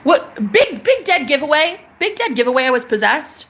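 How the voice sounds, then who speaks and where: A woman's voice: high voice, big pitch swings, moderate pace, a bit bright, slight background noise. A young woman talking to her followers as a psychic vlogger, emphatic and slangy, swearing freely as she preaches about spiritual matters. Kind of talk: casual spiritual vlog monologue.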